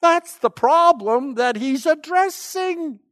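High-voiced man giving an emphatic lecture. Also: expressive, slow pace, fairly bright tone, no echo, studio quality. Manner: emphatic, asks rhetorical questions. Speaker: Bible lecturer. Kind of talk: teaching lecture.

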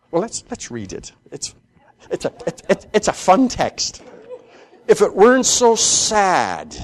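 A man teaching through a scripture passage, acting out the characters' lines and often repeating words while thinking aloud. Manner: animated, acts out the characters' lines with rising pitch. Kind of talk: expository Bible teaching.

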